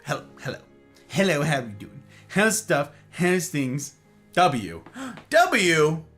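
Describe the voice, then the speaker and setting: A man with a fairly high, bright voice hosts a casual livestream, swinging his pitch widely as he talks. He greets his viewers one by one and tosses in playful jokes. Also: slow, soft background music. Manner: animated, greets viewers warmly by name; playful, jokey asides. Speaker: livestream host.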